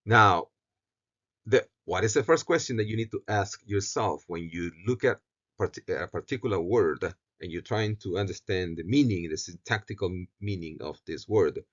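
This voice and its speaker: A man teaching a Bible lesson on Greek syntax, talking haltingly, often restarting phrases and repeating words for stress. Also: sits low, fairly bright tone, lo-fi sound. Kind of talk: recorded Greek syntax lecture.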